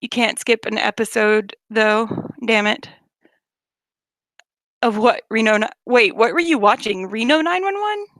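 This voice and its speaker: Young Southern woman streamer, chatty and animated, high voice, dry close sound. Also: measured pace, pauses often, no room sound. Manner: rambling, animated storytelling with frequent laughs and swearing. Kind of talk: casual late-night chat.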